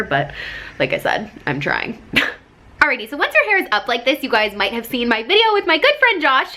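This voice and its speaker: A young woman vlogger chats through a casual hair tutorial recorded on a tripod-mounted camera. Her voice is on the high side, bright and forceful, and she's bubbly, full of side notes and self-mocking jokes.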